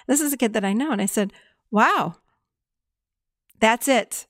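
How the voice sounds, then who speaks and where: Lively storytelling woman, dry close sound. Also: a little high, moderate pace, pauses often, no echo. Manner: animated storytelling, acts out quoted lines, laughs often. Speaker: guest. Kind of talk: casual podcast conversation.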